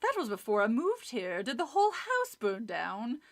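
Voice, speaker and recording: A woman's voice: a little high, wildly swooping pitch, normal speed. A woman reading aloud as a curious woman visitor, in an affected, snobby voice.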